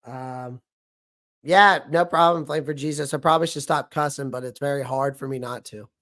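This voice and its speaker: A man hosting a fan livestream about his football team, hoarse from losing his voice, talking bluntly and repeating his points. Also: mid-range voice, fairly even intonation, normal speed, a bit bright. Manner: blunt, emphatic, repeats himself. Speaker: sports fan show host. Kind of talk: livestream sports rant.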